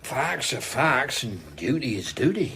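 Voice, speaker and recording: A man's voice: medium pitch, sing-song, a little slow, vocal fry, bright, forceful tone, exaggerated voice. A dutiful village constable speaks plainly in a radio drama. He is firm but respectful, and his delivery rises and falls a lot. Faint hiss sits behind him.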